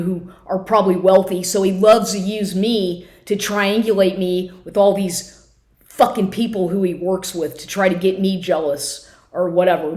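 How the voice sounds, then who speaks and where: Woman venting on her home vlog, low-ish voice, cursing a lot, echoey room. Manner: profane, agitated, restarts often. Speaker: vlogger. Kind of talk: casual storytelling rant. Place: home, at the computer.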